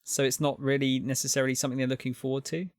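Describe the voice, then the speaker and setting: A man's voice: medium pitch, level tone, rapid-fire, faint music behind. A man co-hosting a stream, giving wry, unimpressed reaction commentary. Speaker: stream co-host.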